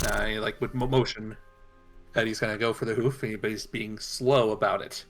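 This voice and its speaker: A man's voice: lowish voice, steady tone, fast, fairly bright tone, soft background music. A man playing a tabletop game, thinking aloud hesitantly with many fillers. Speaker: player. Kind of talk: tabletop game role-play.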